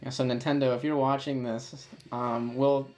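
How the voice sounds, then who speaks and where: A man in his thirties co-hosting a casual video commentary, chatty and quick to laugh. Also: medium pitch, level tone, a little mellow, faint music behind. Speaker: co-host and video creator.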